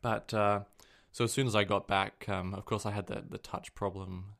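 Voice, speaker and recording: A man's voice: fairly low pitch, flat delivery, moderate pace, creaky, a bit bright. A man co-hosting a casual tech podcast, telling stories in a rambling way and correcting himself as he goes. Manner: rambling, self-correcting storyteller. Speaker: podcast co-host.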